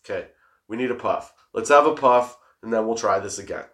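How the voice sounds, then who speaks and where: A laid-back young man talks in a loose, rambling way, giggling often and swearing freely. He is high, and it shows in his easy, meandering delivery as he hosts a casual stoner chat. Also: brisk, fairly bright tone. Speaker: host.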